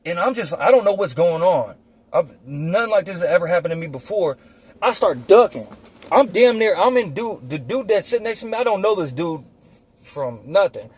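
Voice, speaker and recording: A young man telling a personal story casually, animated and slangy with plenty of swearing, acting out gunshots with mouth sounds. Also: sits high, moderate pace, breathy edge. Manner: profane, slangy; winds down quiet and reflective at the end.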